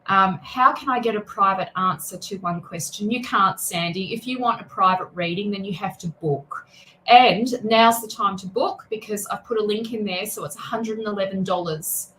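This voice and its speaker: A chatty woman reading tarot live for her viewers, her voice sitting at an ordinary middle pitch. She greets people by name and restarts her sentences as she goes, with a faint hiss of noise behind her. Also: moderate pace, fairly bright tone, low-quality recording. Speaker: tarot reader and spiritual mentor. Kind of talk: casual livestream chat.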